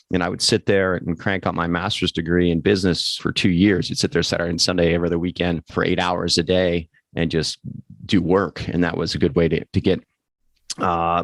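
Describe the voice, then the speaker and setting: A man in his forties with a very low voice and a gravelly edge. He tells his story as an interview guest in a loose, rambling way and corrects himself as he goes. The sound is dry and close. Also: no echo. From Pennsylvania. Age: 40s. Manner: rambling, conversational, with self-corrections. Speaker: guest, financial advisor.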